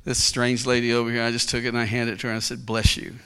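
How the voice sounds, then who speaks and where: Bright-voiced folksy pastor. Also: male voice, medium pitch, completely flat delivery, very fast, clear, resonant tone. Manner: folksy, chuckling, colloquial. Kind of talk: sermon storytelling.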